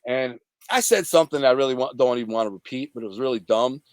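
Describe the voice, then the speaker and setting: Fast-talking profane storyteller man. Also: medium pitch, clean tone, no room sound. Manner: profane, rambling, animated. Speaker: interview guest. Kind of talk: casual storytelling.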